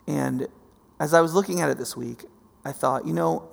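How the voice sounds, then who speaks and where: Gravelly man preaching in a hall. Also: a little high, moderate pace. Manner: animated, swings from soft to loud, repeats himself. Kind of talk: sermon. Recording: long hall reverb.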